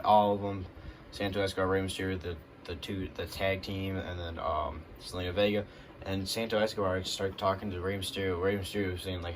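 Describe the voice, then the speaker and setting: A young man giving an excited, rambling recap of a wrestling show, full of fillers. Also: low-pitched, a little hiss or hum. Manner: hyped, rambling, lots of fillers.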